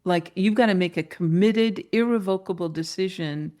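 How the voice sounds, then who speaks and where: A woman guest, a mentor and coach, telling a personal story in an interview, animated and laughing, her pitch jumping up when she gets excited. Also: normal speed.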